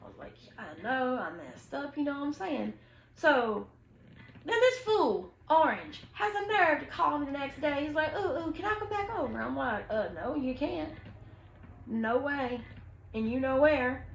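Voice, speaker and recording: Girl spilling a storytime, kinda high voice, bouncy and slangy, echoey room. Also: measured pace, gravelly, a little hiss or hum. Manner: animated, slangy, quotes people in lively voices. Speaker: vlogger telling a story. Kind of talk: casual storytime chat.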